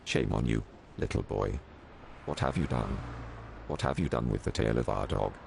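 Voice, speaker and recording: A man puts on a bullying policeman, pitched well below his own voice, growling threats and crude insults. The voice stays gruff and contemptuous over a noisy, hissing recording. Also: normal speed, a little mellow, heavily acted. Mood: angry, bullying. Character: angry bullying male street policeman.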